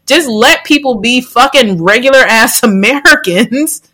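A woman's voice: a little high, animated, unhurried, pushed and bright, poor audio. A woman co-hosting a podcast in casual chat, frank and blunt, and she swears freely. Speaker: podcast co-host.

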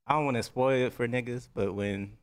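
A young man co-hosting a podcast, talking in relaxed, profane slang. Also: mid-range voice, a little fast. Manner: profane, laid-back slang. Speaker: podcast co-host. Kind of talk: casual chat.

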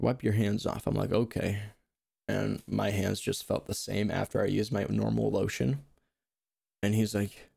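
A man's voice: on the low side, vocal fry, mellow, no echo, studio quality. A young man telling rambling, self-mocking comic stories in casual talk, laughing at his own jokes. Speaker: storyteller. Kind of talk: casual comedic storytelling.

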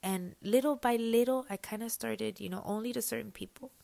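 A woman giving a personal faith testimony, switching between Spanish and English mid-sentence in a soft, confiding way that often sinks to a whisper. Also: fairly high pitch, fairly quick, creaky. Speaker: church member sharing her testimony.

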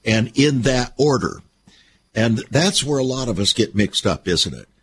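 Male radio host, lively pitch, folksy preacher manner, faint hiss. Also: a little slow. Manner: folksy, preacherly, addresses listeners as friends. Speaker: radio talk show host. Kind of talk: radio interview and commentary.

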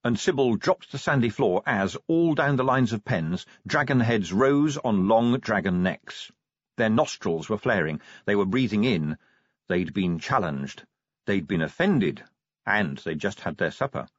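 A low, husky male voice narrates an audiobook with wry drama, his pitch rising and falling in lively curves. The recording is dry and close, with a slightly dull, muffled top end. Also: a little slow, no room sound. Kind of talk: scripted narration.

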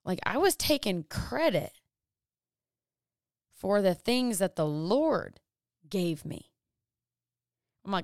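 A young woman giving a casual faith talk, animated, full of rhetorical questions and self-deprecating asides. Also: lowish voice, moderate pace, clear, resonant tone, dry recording, studio quality. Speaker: Christian vlogger and small business owner.

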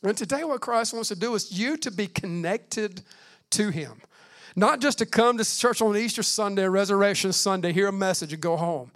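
Man, pastor, sermon, high voice, loud and hushed turns, amen calls. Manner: preaching with swings from loud emphasis to hushed, slow delivery; calls out "Amen" between points.

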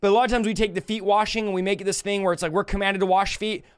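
A man preaching a livestreamed sermon, emphatic and impassioned, slowing down to draw out scripture quotes and rising sharply when he rebukes. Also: high voice, level tone, clean tone. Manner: slows to drawn-out delivery when quoting scripture.

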